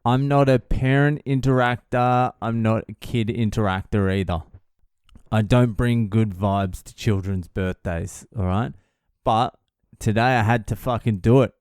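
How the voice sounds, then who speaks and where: A man's voice: on the low side, fairly even intonation, a little slow, a little mellow, smooth, no echo, studio quality. A man in his thirties telling a story in a casual, profane and exasperated way. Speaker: vlogger.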